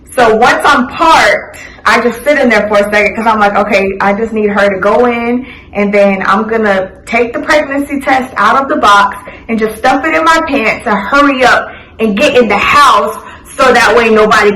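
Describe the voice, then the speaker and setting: A young woman telling a casual storytime vlog, animated and acting out what everyone said. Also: on the high side. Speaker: vlogger. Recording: echoey room with faint noise.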